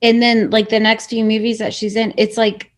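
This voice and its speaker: A woman's voice: a little high, completely flat delivery, normal speed. A woman co-hosting a casual review show who tells things chattily, with lots of "like" fillers. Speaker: podcast co-host.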